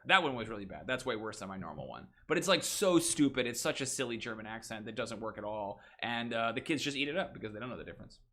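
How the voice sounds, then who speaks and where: A man's voice: mid-range voice, lively intonation, fast, few pauses, sharp tone. A man hosting a casual livestream, thinking aloud about game monster stats with goofy asides. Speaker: stream host redesigning game monsters.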